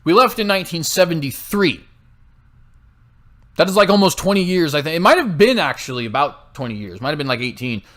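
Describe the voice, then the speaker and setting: Young male host, opinionated monologue, heated and sarcastic, keeps asking "right?", slightly high pitch. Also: sing-song, fairly quick, a bit bright. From United States. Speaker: political commentary host.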